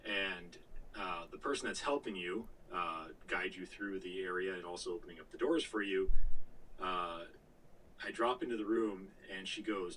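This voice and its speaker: A man's voice: low-pitched, normal speed, pushed and bright, recorded from a distance, a little hiss or hum, rough recording. A man co-hosting a podcast, telling a long gaming story in casual chat, full of fillers, restarts and the odd swear word. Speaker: podcast co-host.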